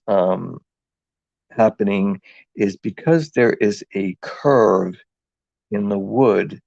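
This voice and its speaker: A man with a New England accent talks slowly through a live craft demonstration, his lowish voice gravelly with fry. He rambles and cracks jokes as he works. The sound is dull and lo-fi, and the room is dry. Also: darkish tone, dry recording. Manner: rambling, jokey, thinks aloud while working. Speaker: craft livestream host.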